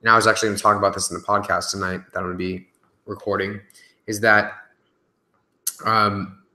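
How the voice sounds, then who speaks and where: A man's voice: fairly low pitch, level tone, brisk, pushed and bright. A young man chatting casually on his live stream, reading out viewer questions and answering them loosely, with fillers and the odd swear word. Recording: echoey room.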